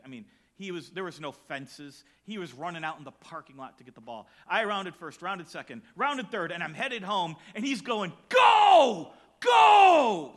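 A middle-aged male pastor preaching, telling a personal story with lively acted-out voices and then reading scripture aloud. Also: high-pitched. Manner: animated storytelling, acts out shouts and voices.

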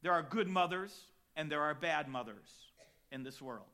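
Animated, bright-voiced male pastor preaching. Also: on the high side, moderate pace. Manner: dynamic preaching, swings between quiet and loud emphatic lines; storytelling with acted quotes and chuckles. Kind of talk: sermon.

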